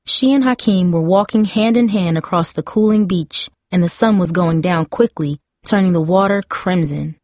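A woman narrating a novel chapter in a calm, measured storytelling voice. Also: on the low side, no echo, studio quality. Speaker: audiobook narrator.

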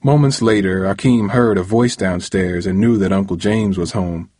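A man reading a novel aloud as narrator, in a steady storytelling manner. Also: sits low, moderate pace, no echo, studio quality. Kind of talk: audiobook narration.

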